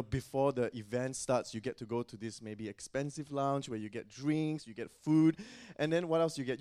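A man's voice: medium pitch, a little mellow. A man preaching a sermon in a loose, conversational way, often saying "you know.".

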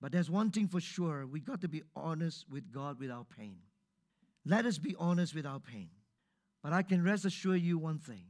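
A man's voice: sits high, expressive, normal speed. A man preaching a sermon who repeats his key lines for emphasis and keeps asking the congregation for a response. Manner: call-and-response, emphatic repetition. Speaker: pastor.

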